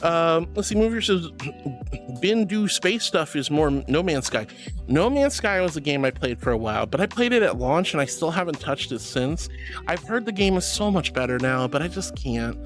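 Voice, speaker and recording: Bubbly man on a lively stream. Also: fairly high pitch, fairly quick, soft background music. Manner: affectionate and playful, calls viewers sweetheart. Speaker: VTuber streamer. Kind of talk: live stream reading chat. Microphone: headset.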